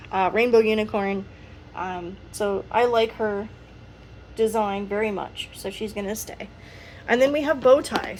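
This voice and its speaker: Woman vlogger, casual rambling show-and-tell, mid pitch, faint hiss. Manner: chatty and rambling, frequent ums and little laughs. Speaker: toy collector vlogger.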